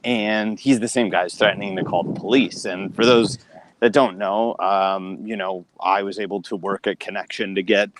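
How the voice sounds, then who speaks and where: A man with a lowish voice joining a casual podcast chat. He makes dry, wry remarks at an easy pace. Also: steady tone, moderate pace, slight background noise, rough recording.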